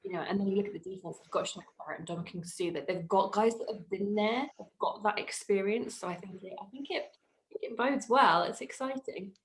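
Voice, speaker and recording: A woman's voice: mid-range voice, fairly quick, slight background noise, poor audio. A woman co-hosting a podcast, chatting casually about football in a chatty way. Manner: chatty, many fillers and restarts, laughs easily. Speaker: podcast co-host. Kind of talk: casual sports chat.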